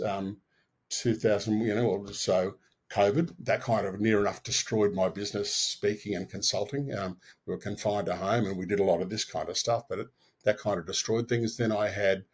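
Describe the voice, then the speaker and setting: Aussie guy in his 60s, bit husky, blunt storyteller, does the voices of people he quotes. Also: on the low side, normal speed. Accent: Australian. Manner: animated storyteller who acts out quoted dialogue; frank and earthy, with mild swearing. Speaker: podcast guest. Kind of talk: personal storytelling in an interview.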